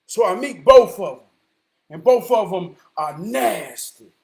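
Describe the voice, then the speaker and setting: A middle-aged man with a high-pitched voice tells a story straight to camera in a loose, casual monologue. He swings between loud, emphatic declarations and quiet, thoughtful asides. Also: animated, a little slow, creaky. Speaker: vlogger.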